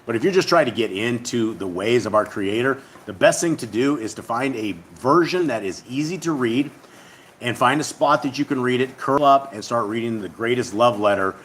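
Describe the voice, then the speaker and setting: A man's voice: mid-range voice, expressive, normal speed, fairly bright tone, slight background noise. Rambling man leading a Bible study. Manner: rambling, conversational, reads scripture aloud. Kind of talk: casual Bible reading and teaching.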